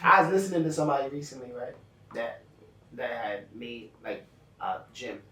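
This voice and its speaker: A man's voice: mid-range voice, expressive, moderate pace, bright, forceful tone, a little hiss or hum. A man who DJs, co-hosting a casual podcast chat, rambling through profane stories. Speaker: DJ and co-host. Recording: echoey room, distant mic.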